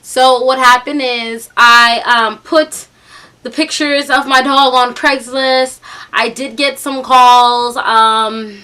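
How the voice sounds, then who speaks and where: A young woman from New York telling a storytime vlog, animated and chatty, with lots of fillers, acting out the voices as she goes. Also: high-pitched, slow, clean tone. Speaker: vlogger.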